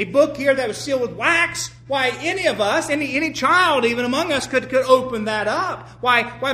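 A male preacher with a very high, bright voice delivers an earnest sermon. He repeats words as he searches for phrasing, then slows down to read Scripture aloud. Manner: reads Scripture aloud slowly in King James wording.

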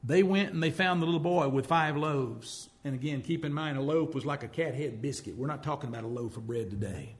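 Brisk and mid-range, a male pastor's sermon runs on with hardly any pauses. He leans on storytelling, voicing the characters whose words he quotes.

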